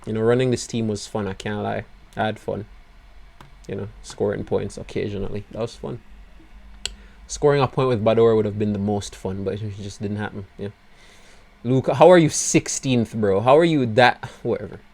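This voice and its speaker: Hoarse man swinging from mutter to outburst. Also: lowish voice, normal speed. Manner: swings between despairing mutters and loud excited outbursts. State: voice going hoarse. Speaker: gaming video creator. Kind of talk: live gameplay commentary.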